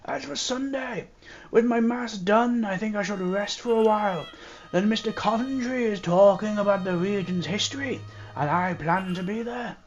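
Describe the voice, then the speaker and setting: A man voicing a solemn, formal middle-aged priest who speaks in measured, pious phrases, raising his voice above his own. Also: high-pitched, muffled recording, voice pushed up.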